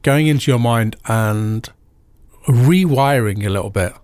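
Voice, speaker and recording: A man, a hypnotherapist, explaining his work to clients in a measured conversational tone, often agreeing with his co-host. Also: mid-range voice, a little mellow, no echo. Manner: measured, affirming, acts out clients' voices.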